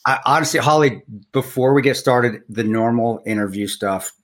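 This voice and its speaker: A man's voice: medium pitch, normal speed, a bit bright. A man co-hosting a podcast, teasing his guest and rambling in casual chat. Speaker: podcast co-host.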